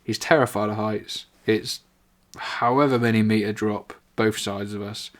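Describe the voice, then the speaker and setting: A man's voice: lowish voice, steady tone, measured pace. A young man casually telling a rambling, sweary story, full of "like" fillers. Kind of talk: casual anecdote.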